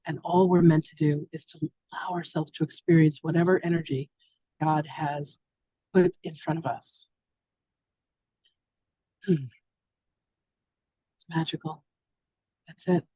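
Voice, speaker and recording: A woman with a mellow, relaxed voice wraps up an online spiritual class in loose, affectionate chat. The audio is dry and a little dull, as if it were picked up over a video call. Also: sits low, breathy edge, dry recording. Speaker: spiritual teacher hosting an online masterclass. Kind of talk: casual live-stream chat.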